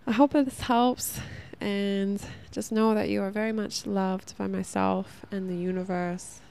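A young woman talks through her own self-help podcast in a loose, earnest ramble full of "like" and little laughs at herself. Her voice is mellow and warm, with a gravelly fry. She sits in the middle range for a woman. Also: medium pitch, fairly even intonation, unhurried. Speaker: podcast host.

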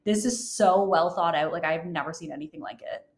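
Young woman podcaster, kinda low voice, gasps and gushes a lot. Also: fairly quick, a little hiss or hum. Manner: gushing, gasping excitedly. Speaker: podcast co-host. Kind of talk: casual chat.

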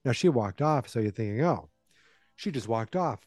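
A man's voice: medium pitch, animated, normal speed, darkish tone, dry recording, soft background music. A man in his forties, a podcast host casually retelling a movie plot with wry asides.

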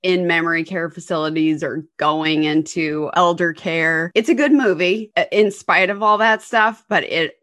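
A woman co-hosting a podcast, chatting earnestly and slowing down on heavy points. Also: lowish voice, fairly bright tone, dry recording, clean studio sound. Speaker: podcast co-host. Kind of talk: casual chat.

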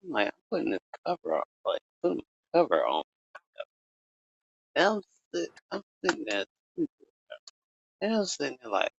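A man tells a story on his casual podcast. He swears a lot, and his pitch swings widely as he breaks into sudden loud exclamations. The recording sounds dull and lo-fi. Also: huge pitch swings, moderate pace, gravelly, long pauses, husky, dry recording. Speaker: podcast host.

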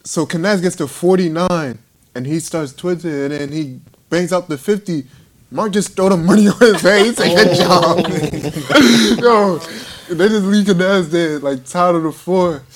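A man's voice: high voice, a little slow. A young man casually telling a funny story to friends, laughing often and acting out what others said. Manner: animated, laughing, acts out voices of others.

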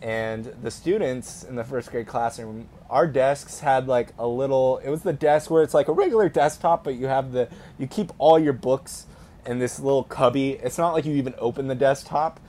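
A man's voice: medium pitch, moderate pace, dark tone. A young man co-hosting a casual podcast, telling a story in a rambling way with many fillers and restarts. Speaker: podcast co-host.

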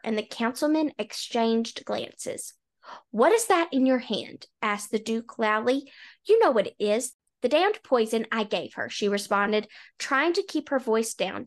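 Measured woman, slightly high voice. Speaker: podcast co-host. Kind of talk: casual book discussion with read-aloud summary.

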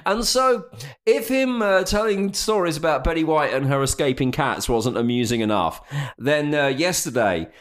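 A man co-hosting a casual comedy chat, wry and animated, acting out quotes as he goes. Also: a little high, moderate pace. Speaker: podcast co-host.

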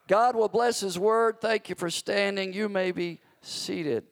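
A man's voice: high voice, measured pace, creaky, hardly any pauses, dry recording. A pastor preaching a sermon in a church, stretching out words for emphasis as his fervor builds. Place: church sanctuary. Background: soft background music.

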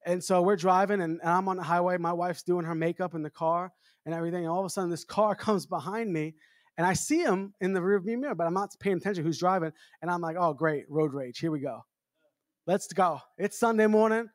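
American evangelist man, high voice, dry close sound, jokey storyteller who acts out the quotes. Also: fast talker, dry recording. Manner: animated, jokey, acts out quotes with big pitch jumps. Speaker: evangelist preacher. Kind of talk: storytelling sermon. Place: church revival meeting.

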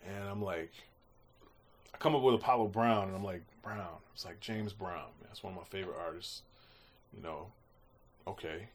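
A man's voice: low-pitched, normal speed, long pauses, slight background noise. A man telling stories casually in an interview, acting out quotes and swearing freely. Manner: animated, acts out quotes, swears freely, slangy. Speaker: music producer guest.

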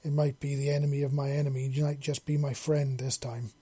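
A man's voice: mid-range voice, little pitch movement, a little fast, dark tone, slightly rough, no echo, natural voice. A man voicing a tough, defiant male wasteland leader who swears freely in a story reading. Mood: determined.

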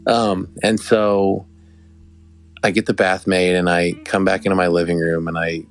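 A man's voice: deep voice, little pitch movement, unhurried. A young adult man hosting a podcast, telling a rambling, affectionate story with many restarts. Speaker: podcast host. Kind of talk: casual storytelling.

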